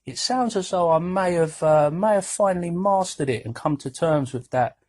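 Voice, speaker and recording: British man in his forties, rambling jokey podcast host, slightly high voice. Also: normal speed, darkish tone. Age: 40s. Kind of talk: casual podcast chat.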